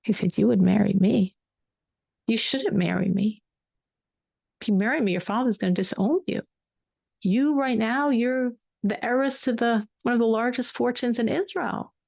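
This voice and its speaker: A woman's voice: fairly high pitch, normal speed, gravelly, a little mellow, muffled recording. A woman voicing a humble middle-aged shepherd, doubtful of himself, in her own speaking voice.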